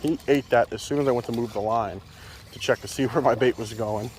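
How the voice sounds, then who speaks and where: Out on a lake bank, a fishing vlogger chats casually and self-deprecatingly to his viewers while bank fishing, filmed on a chest-mounted camera. He speaks briskly at medium pitch, with slight background noise.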